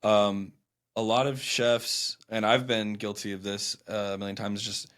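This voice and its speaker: Chef guest on a podcast; lowish voice; easygoing, reflective, agreeable. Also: male voice, little pitch movement, a little slow, a bit bright. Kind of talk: casual chat.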